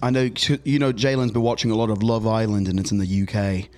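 A man's voice: fairly low pitch, fast talker, over a noisy crowd. Chatty man who stumbles. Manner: chatty, stumbles and restarts often. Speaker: podcast co-host. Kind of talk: casual group chat.

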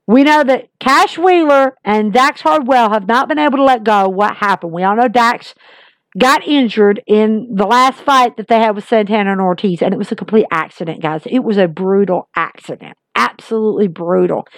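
A woman's voice: medium pitch, moderate pace, no echo. A woman hosting a casual wrestling recap podcast, talking emphatically and repeating herself like an exasperated fan.

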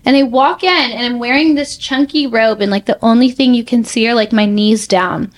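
Young female model as podcast guest, casual, breezy storytelling, higher-pitched voice. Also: normal speed. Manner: chatty, heavy use of "like", animated retelling.

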